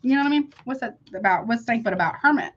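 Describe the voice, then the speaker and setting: A woman's voice: on the high side, lively intonation, very fast, highs cut off. Slangy, emphatic woman reading tarot. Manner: emphatic, slangy, keeps asking "you see what I'm saying?". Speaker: tarot reader. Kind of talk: casual tarot reading to camera.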